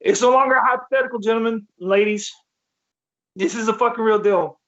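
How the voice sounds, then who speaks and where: A man's voice: sits high, brisk, a bit bright. A man hosting a sports talk show, ranting in a furious, profane, repetitive way. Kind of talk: heated sports rant. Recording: dull lo-fi sound.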